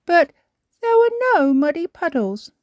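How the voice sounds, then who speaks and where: A bubbly, slightly bossy little piglet girl squeals her storybook lines in a high, excited child voice, put on by a woman reader. The voice leaps up and down with eager energy. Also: a little slow, dry recording, studio quality. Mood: cheerful.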